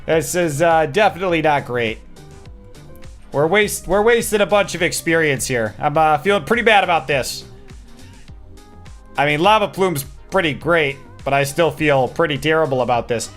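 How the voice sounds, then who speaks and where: A man's voice: on the high side, expressive, moderate pace, fairly bright tone, soft background music. Chatty man streaming a game. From Wisconsin. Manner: chatty, self-deprecating, thinking aloud. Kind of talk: casual gameplay commentary.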